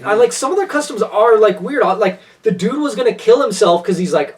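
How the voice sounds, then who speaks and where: A man talking in a fairly high voice, enthusiastic and gushing as he rambles through his thoughts with frequent restarts. He sits a little back from the microphone, so the sound is slightly distant. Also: lively intonation, fairly quick, hardly any pauses. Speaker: podcast co-host. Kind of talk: casual chat.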